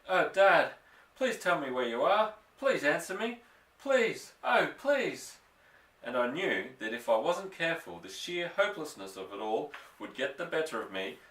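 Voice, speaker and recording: A man narrating a children's story aloud, expressive and slowing for suspense. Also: mid-range voice, distant mic. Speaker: audiobook reader. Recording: roomy, off-mic.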